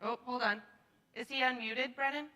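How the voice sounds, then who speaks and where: A bright, forward woman's voice leads a church gathering, chatty and encouraging with frequent laughter. Her slightly high voice rings out with the long reverb of a church hall. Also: fairly even intonation, moderate pace. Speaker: church worship leader. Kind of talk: leading a congregation sharing time. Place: church sanctuary.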